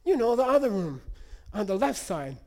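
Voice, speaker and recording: A man's voice: sits high, sing-song, moderate pace, a little mellow, voice pushed up. A man voicing a cheerful, curious male Buddhist lama who speaks in eager exclamations. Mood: delighted, curious. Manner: wide-eyed, eager exclamations.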